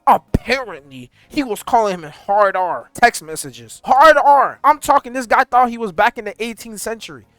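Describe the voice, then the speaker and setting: A young man giving casual commentary on online drama, slangy and animated as he tells the story. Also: very high voice, normal speed, few pauses, no room sound, soft background music. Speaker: commentary YouTuber.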